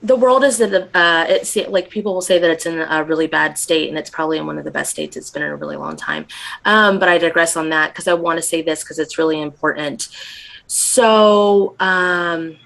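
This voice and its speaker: A woman's voice: sits low, fairly quick, creaky, fairly bright tone. A woman talking as a guest on a casual podcast, intense and emphatic, swearing freely.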